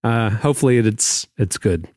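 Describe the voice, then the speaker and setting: A man co-hosting a podcast in casual chat, animated and laughing. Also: on the low side, moderate pace, no room sound, clean studio sound.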